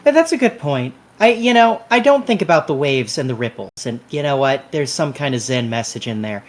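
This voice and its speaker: A player at a tabletop role-play talks in a hesitant, rambling way. The voice moves widely in pitch, around a middle range. The talk is loose and casual. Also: expressive, fairly quick.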